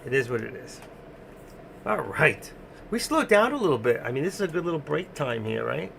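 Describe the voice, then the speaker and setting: A man's voice: on the high side, very animated, normal speed, gravelly, fairly bright tone, a little hiss or hum. A man with a New York accent hosting a live stream in casual chat, talking bluntly and ramblingly, often laughing.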